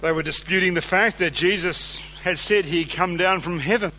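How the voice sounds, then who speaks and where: A man's voice: high voice, moderate pace, bright, forceful tone. A man preaching a sermon, reading scripture aloud and speaking conversationally, often putting questions to his listeners.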